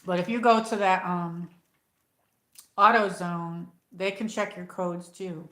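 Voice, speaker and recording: A woman's voice: fairly low pitch, fairly even intonation, slow pace, sharp tone. A middle-aged American woman chatting casually on her livestream, rambling and reading viewer comments aloud. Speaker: livestream host. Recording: echoey room.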